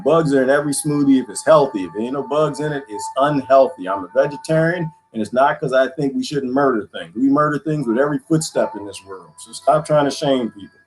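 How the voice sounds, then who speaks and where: Man, mid-pitched, drawling, rambling deadpan comic bit.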